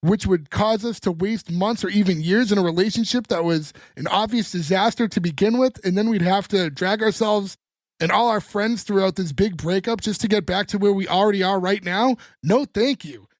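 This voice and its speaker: A man with a fairly high voice and a casual, lively way of talking, recapping a television episode for his co-hosts. He acts out the characters' lines as he goes, and the sound is dry and close to the mic. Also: normal speed, no room sound. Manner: animated retelling, acting out dialogue. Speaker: podcast co-host recapping a sitcom episode. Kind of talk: casual chat.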